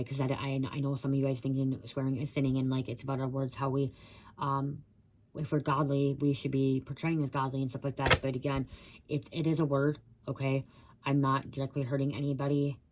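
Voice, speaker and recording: Low-voiced woman blurting psychic messages. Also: a little mellow, slight background noise. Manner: rambling, blurts out words she hears, casual swearing. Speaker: psychic reader. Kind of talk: channeled tarot reading.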